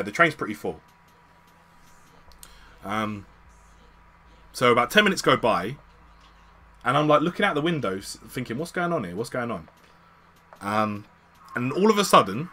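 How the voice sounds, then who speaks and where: A man with a British accent, telling a story to his stream in a casual, slangy way with plenty of swearing. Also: mid-range voice. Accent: British English. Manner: slangy, swearing, animated retelling.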